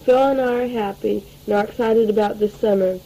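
A woman's voice: medium pitch, fairly even intonation, brisk, dark tone, poor audio. A teenage girl rambling through a spoken audio letter to her family, full of fillers and restarts, taped at home. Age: late teens. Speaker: letter writer.

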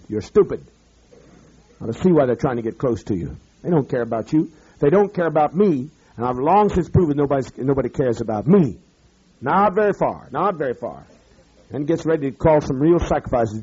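Husky, profane ranting preacher on old tape. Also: male voice, a little high, dull audio. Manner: profane, berating, swinging between shouting and muttering. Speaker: pastor. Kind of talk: ranting address to his congregation.

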